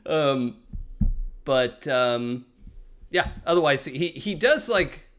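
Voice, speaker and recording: A man's voice: mid-range voice, lively intonation, slow pace, a bit bright, clear, resonant tone. Rambling game master man. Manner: rambling, many fillers and restarts. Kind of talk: narrating a tabletop role-playing game.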